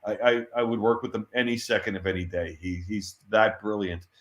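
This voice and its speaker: A man being interviewed, telling animated anecdotes and laughing often. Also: on the low side, a little fast. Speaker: interview guest. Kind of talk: storytelling in an interview. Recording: roomy echo.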